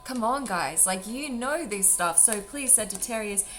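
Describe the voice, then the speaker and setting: Affectionate and rambling, a tarot reader gives viewers a casual reading, calling them sweetheart and darling. Her medium-pitched, slightly bright voice is a little slow, with lively intonation, and faint drums play beneath it.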